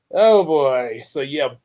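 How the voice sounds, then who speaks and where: A man's voice: medium pitch, highs cut off. A man chatting casually and rambling, stopping and restarting as he thinks aloud. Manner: rambling, halting, full of fillers and restarts. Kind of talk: casual chat.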